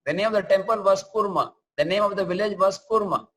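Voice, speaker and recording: A man's voice: high voice, fast, a bit bright, breathy edge, poor audio. A man giving a scripture lecture, telling stories and chanting verses. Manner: storytelling, chants and sings verses. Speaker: preacher.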